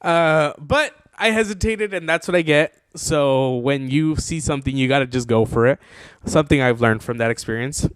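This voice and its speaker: A young man hosting his own podcast, telling a story in a casual, excitable, rambling way full of fillers. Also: a little high, moderate pace, smooth, dry recording. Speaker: podcast host.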